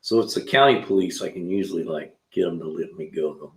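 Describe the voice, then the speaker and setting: Gravelly-voiced man rambling in an echoey garage. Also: sits low, fast talker, few pauses. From California. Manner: rambling, talkative storyteller with slang. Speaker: live stream host. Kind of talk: casual chat, telling stories and answering chat. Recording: roomy echo.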